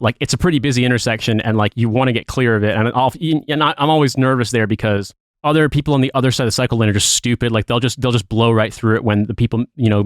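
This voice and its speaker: A man tells a story in casual podcast chat. He rants with a lot of profanity and keeps the story animated. His voice sits at a middle pitch and is recorded dry and close. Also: dry recording. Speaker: podcast co-host.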